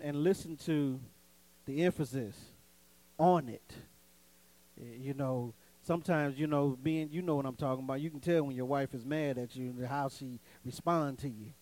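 A man preaching a sermon, calling for responses from the congregation, swinging between soaring emphasis and low, folksy asides. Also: a little mellow, poor audio. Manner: call-and-response preaching, dramatic swings in pitch and volume; folksy, conversational asides with laughter.

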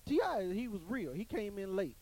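A man's voice: high-pitched, sing-song, normal speed, dark tone, poor audio. A man telling a story to an audience in an emphatic, preachy way, often repeating his phrases. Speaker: commentator on church life.

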